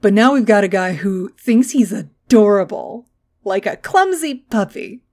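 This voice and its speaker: A woman's voice: medium pitch, animated, unhurried, a little mellow. A woman co-hosting a podcast, recapping a movie in casual chat, joking and swearing freely. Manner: profane, joking, acts out characters in retelling. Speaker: podcast co-host.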